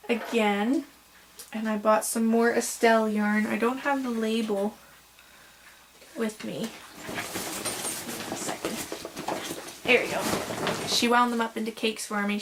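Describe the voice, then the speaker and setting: A young woman with a slightly high voice talks casually at home, gushing and rambling as she shows off her yarn. She sounds tired and is fighting the hiccups. A faint hum of room noise sits behind her. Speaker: crochet vlogger. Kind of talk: casual show-and-tell vlog.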